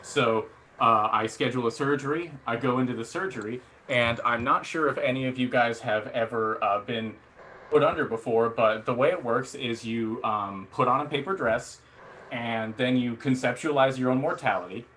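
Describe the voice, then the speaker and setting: A man's voice: medium pitch, normal speed, fairly bright tone, slight background noise. Rambling self-deprecating male stand-up comic. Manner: rambling, self-deprecating, with many fillers and acted-out quotes. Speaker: stand-up comedian. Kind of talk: stand-up comedy storytelling. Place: theatre stage before a laughing audience.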